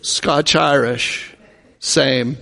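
Man, pastor, gravelly voice, slow delivery, sermon in a reverberant church hall. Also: mid-range voice, steady tone, pushed and bright. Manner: slow, repeats congregation answers aloud. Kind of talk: sermon with audience call-and-response.

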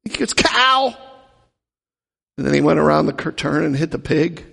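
A man's voice: on the high side, flat delivery, fast talker, creaky, breathy edge, big-room sound. A man preaching a teaching sermon, talking in a conversational way and often asking the audience questions. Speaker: pastor teaching a Bible class.

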